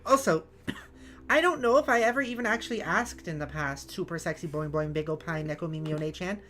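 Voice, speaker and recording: A woman's voice: fairly low pitch, a little fast, a bit bright. Joking woman streamer over game music. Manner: bubbly, joking, reading chat messages aloud. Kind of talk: casual gaming chat.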